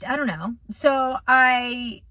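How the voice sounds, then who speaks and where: A young woman and small business owner chatting casually through a storytime, animated and rambling, repeating words as she thinks aloud. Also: high-pitched, slow, no room sound.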